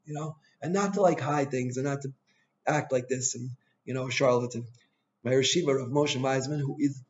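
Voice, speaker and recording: A man, a rabbi, giving an informal Torah class in a chatty, anecdotal way with quick asides. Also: medium pitch, a little mellow. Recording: dull lo-fi sound.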